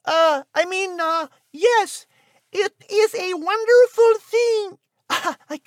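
Woman doing a hammy fake French immigrant, high and playful, dry studio mic. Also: takes it slowly, dry recording. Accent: put-on French. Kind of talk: comedic podcast banter.

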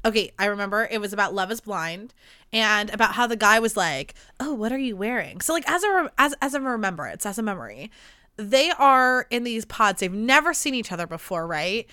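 Late-twenties woman hosting her own podcast: sharp, smooth voice, loose and profane, throat worn by allergies. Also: medium pitch, animated, brisk, no room sound, studio quality. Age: late 20s. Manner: candid, rambling, swears freely. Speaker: podcast host. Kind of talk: casual solo podcast chat.

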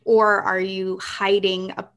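A young woman guest speaks in an earnest, thoughtful way. She lays out her points at length in a relaxed interview. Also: medium pitch, slow pace. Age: young adult. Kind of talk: casual interview chat.

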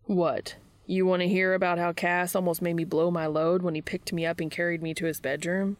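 A woman's voice: lowish voice, level tone, a little fast, no room sound, lightly acted. A woman voicing a sarcastic, geeky young man who delivers his lines dryly and bluntly.

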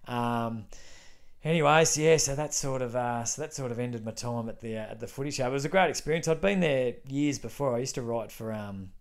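An Australian man, a comedian, telling a long anecdote in casual chat, animated and full of restarts. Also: medium pitch, fairly quick, smooth. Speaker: comedian guest.

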